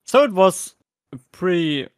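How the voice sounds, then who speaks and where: Slow, hesitant German man. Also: high-pitched, big pitch swings, clear, resonant tone, dry recording, studio quality. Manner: hesitant, many fillers and restarts. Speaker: podcast co-host. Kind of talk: casual chat reviewing performances.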